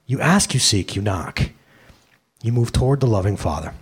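The sermon comes from a man in his thirties, the pastor, whose husky voice sits on the low side and moves at normal speed. Speaking into a handheld mic, he acts out quoted voices and shifts animatedly from loud outbursts to soft asides.

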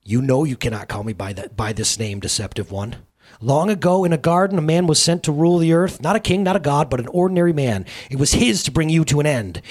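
A man's voice: fairly high pitch, fast, a little mellow, pitched above the performer's own voice, lightly acted. A man voicing a commanding, solemn holy man in a dramatic book reading.

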